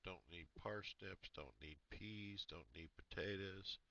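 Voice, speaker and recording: Low-voiced bright man streaming a game. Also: gravelly, highs cut off. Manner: mumbles through in-game choices, halting restarts. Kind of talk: casual gameplay chat.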